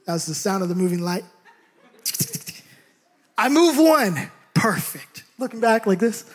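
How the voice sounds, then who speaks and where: Young male preacher, Bay Area raised, animated storyteller who shouts and laughs mid-sermon. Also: sits high, a little slow. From San Francisco Bay Area.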